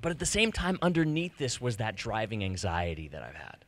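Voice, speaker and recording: A man in his thirties telling a personal story to a live audience, animated and self-deprecating, acting out the conversations he recounts. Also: lowish voice, fairly quick. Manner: animated, self-deprecating, acts out quoted exchanges. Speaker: speaker giving a personal talk. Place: stage before an audience.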